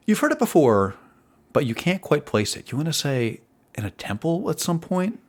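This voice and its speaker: A man narrating a tabletop game as game master in an unhurried, descriptive way. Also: mid-range voice, very animated.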